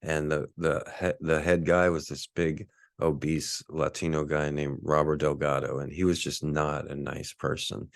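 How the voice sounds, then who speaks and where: A man's voice: a bass voice, flat delivery, moderate pace, vocal fry, no echo, studio quality. A man in his forties from Texas, telling a rambling, laid-back story as a podcast host. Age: 40s. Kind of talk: casual storytelling monologue.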